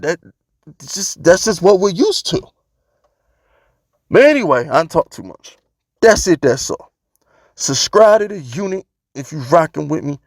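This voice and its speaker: Guy ranting about his team into a close mic, kinda gravelly, slightly high voice, keeps hammering the same point. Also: big pitch swings, unhurried, pauses often, dry recording. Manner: emphatic, preachy, repeats points for emphasis. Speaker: sports fan vlogger. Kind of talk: casual opinion rant.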